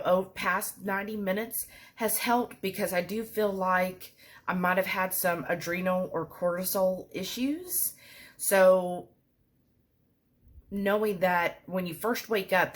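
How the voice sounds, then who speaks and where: A woman talks to her viewers in a loose, rambling style, dropping "y'all" every few sentences. Her voice sits a little low for a woman, and she sounds relaxed and conversational. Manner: chatty, rambling, says "y'all" often. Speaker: vlogger. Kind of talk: casual chat.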